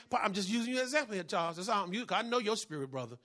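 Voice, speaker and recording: A man preaching a fiery sermon as a pastor, breaking into shouts, repeating his key phrases and acting out the people in his stories. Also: high-pitched, big pitch swings, racing. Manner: acts out the people in his story.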